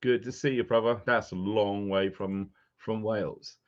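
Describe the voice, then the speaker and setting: A man's voice: on the low side, fairly even intonation, unhurried. A man hosting a live stream, casually greeting viewers by name as they join. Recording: dull lo-fi sound.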